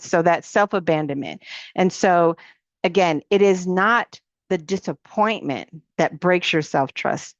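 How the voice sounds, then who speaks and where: A woman's voice: fairly low pitch, vocal fry, dry recording. A middle-aged woman teaching as a ministry coach in a conversational way, repeating key phrases and acting out inner thoughts. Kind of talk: faith-based teaching talk. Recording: dry, dull lo-fi sound.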